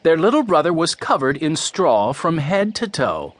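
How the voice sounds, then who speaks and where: A man narrating a children's mystery audiobook in a clear, storytelling voice. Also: on the high side, sing-song, moderate pace, no room sound.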